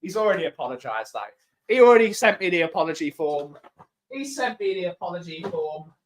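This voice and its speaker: An English man hosts a casual livestream from home, reading and greeting viewers' chat comments. He talks a little fast in a high voice with big pitch swings, chatty and rambling, repeating phrases. There's a slight hiss or hum in the audio.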